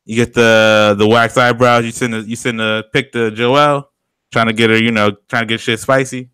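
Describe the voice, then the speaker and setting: Young male co-host, bright and smooth voice, animated slangy banter. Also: mid-range voice, moderate pace, no room sound. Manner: animated, laughs often, slangy. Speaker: podcast co-host. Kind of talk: casual podcast banter.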